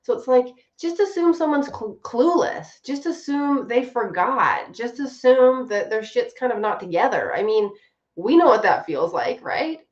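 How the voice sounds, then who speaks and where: A woman's voice: a little high, lively intonation, measured pace. Woman, marriage coach, casual advice talk, conversational, roomy echo, slightly dull sound. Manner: conversational, often acting out quoted speech.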